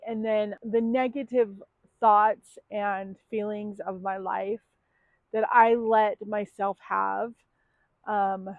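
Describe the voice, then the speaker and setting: A woman's voice: medium pitch, no room sound. A woman in her thirties opens up in a personal confessional vlog, talking candidly and emotionally with plenty of ums and likes. Her voice comes through thin and tinny, like a phone line. The sound is dry, with no room around it. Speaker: vlogger.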